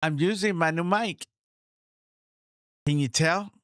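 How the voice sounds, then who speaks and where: A man chatting in a casual vlog about his new microphone setup, excited, repeating himself and talking straight to viewers on a studio mic. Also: on the high side, slow, no echo. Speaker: streamer reviewing his gear. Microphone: studio microphone, swapped between two.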